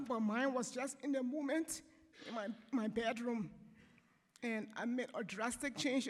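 A woman giving a personal testimony in church, emotional, pausing and apologizing as she speaks. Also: a little high, in a large hall. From Africa.

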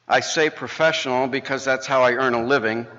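A man's voice: medium pitch, fairly even intonation, brisk, pushed and bright. A man in his late fifties, a lay speaker at church, telling a folksy humorous story and then praying. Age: 50s. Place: church sanctuary. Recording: dull, long church reverb.

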